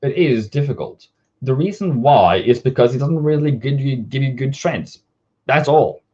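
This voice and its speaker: A man's voice: mid-range voice, expressive, normal speed, a little mellow. A man giving a live forex market analysis, talking casually and directly to his viewers. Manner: casual, direct, talks to viewers as "bro" and "my brother". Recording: dull lo-fi stream audio.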